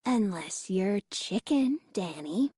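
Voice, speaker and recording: A woman's voice: medium pitch, expressive, takes it slowly, dark tone, husky, no echo, clean studio sound. A woman voicing a gleeful, scoffing young troublemaker in a storybook audiobook. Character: mischievous boy, gleeful troublemaker.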